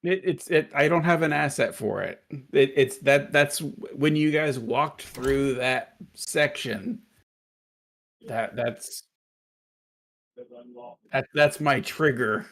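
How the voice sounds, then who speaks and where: A man's voice: mid-range voice, creaky, fairly bright tone. A man running a tabletop game as game master, often restarting his sentences. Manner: halting, many restarts.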